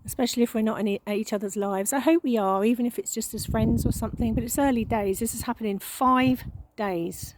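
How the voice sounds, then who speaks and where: A woman giving an emotional spiritual monologue, halting and repeating words, with frequent sighs. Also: a little high, a little hiss or hum, low-quality recording. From England. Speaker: spiritual channel.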